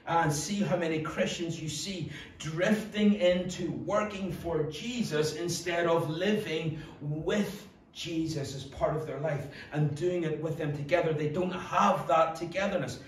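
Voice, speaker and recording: A Northern Irish man preaches to his congregation, earnest and direct, slipping into quick acted-out asides now and then. His fairly high voice rings around a very echoey church hall, picked up from some distance away. There is a faint hum of room noise underneath. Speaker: pastor. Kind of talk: sermon.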